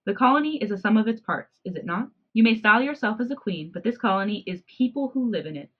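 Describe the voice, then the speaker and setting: Brief: woman reading as a defiant young male cat hybrid, indignant and sharp, voice a touch higher than her own, lo-fi podcast sound. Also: lively intonation, fast, close to an everyday voice. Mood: angry, accusing.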